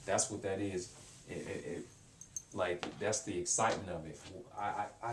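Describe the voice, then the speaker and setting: A man teaching a casual language lesson, halting and repeating words, with many fillers as he explains. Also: sits low, fairly even intonation, background noise. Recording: echoey room, mic at a distance.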